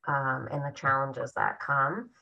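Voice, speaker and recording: Woman clinician, low but bright voice, affirming teaching manner, dull video-call sound. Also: level tone, creaky. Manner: warm, affirming, measured explanation. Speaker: presenting clinician.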